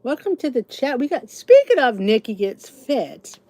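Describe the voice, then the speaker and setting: A woman's voice: fairly high pitch, sing-song, moderate pace, mellow, no room sound. A middle-aged woman hosting a casual livestream chat, greeting viewers by name and chatting freely. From United States. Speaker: host.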